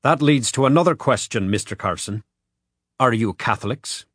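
A stern male preacher presses with pointed questions, as a male audiobook reader puts him on. His voice rises somewhat higher and louder than the narration, keeping a husky edge in a dry, close recording. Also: lively intonation, normal speed, no echo. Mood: probing.

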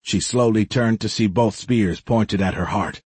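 A man narrating an audiobook in a steady, measured way. His voice is low and husky, with a breathy edge. The sound is dry and close. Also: no room sound. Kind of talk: scripted narration.

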